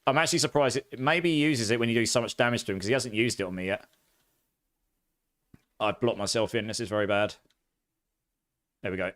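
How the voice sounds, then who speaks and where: A man from near London with an Essex accent touched with posh, chatting through live gameplay and quick to laugh. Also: lowish voice, a bit bright. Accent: Essex mixed with a bit of posh English. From near London, England. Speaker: streamer.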